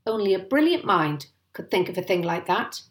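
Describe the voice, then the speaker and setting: A woman reading aloud and voicing a tiny, excitable old male country doctor who gushes and exclaims. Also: lowish voice, moderate pace, recorded from a distance. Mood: amazed. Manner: exclamatory, gushing, hooting. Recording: roomy echo.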